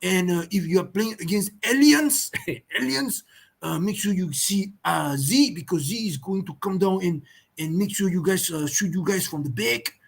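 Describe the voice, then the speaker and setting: A man's voice: high-pitched, moderate pace, gravelly, slightly rough, heavily acted. A man voicing a male team captain who gives urgent field orders and pleads with repeated words. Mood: instructing.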